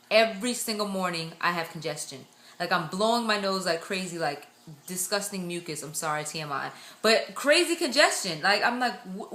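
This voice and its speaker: A young woman chatting excitedly in a casual vlog, acting out the lines of the people she quotes. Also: medium pitch, reverberant. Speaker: vlogger. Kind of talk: casual pregnancy update vlog.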